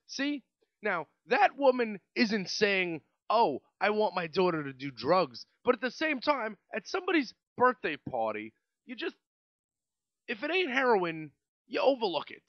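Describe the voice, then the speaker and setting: A man's voice: high voice, wildly swooping pitch, a little slow, long pauses, dry recording. A man with a New York accent in his late twenties rambles through a profane story on his own podcast, his voice swinging up and down with lots of life. The sound is dry and a bit dull and lo-fi, like a basic home podcast mic. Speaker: podcast host. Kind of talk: casual storytelling monologue.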